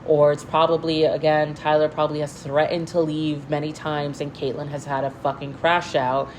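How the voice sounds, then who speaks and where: A woman's voice: low-pitched, little pitch movement, moderate pace, slight background noise, rough recording. A young woman giving casual, profane gossip commentary, full of fillers and restarts. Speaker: commentary vlogger.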